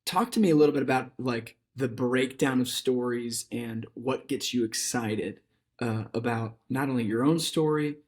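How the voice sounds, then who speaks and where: A man's voice: medium pitch, normal speed. A man hosting a podcast interview, upbeat and affirming, with many hesitant restarts. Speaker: podcast host.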